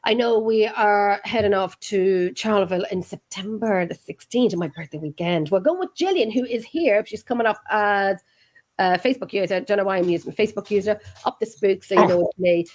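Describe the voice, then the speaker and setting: A woman's voice: mid-range voice, fairly quick, a little mellow. An Irish woman hosting a chat show, chatty and enthusiastic, often repeating her phrases. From Ireland. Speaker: host.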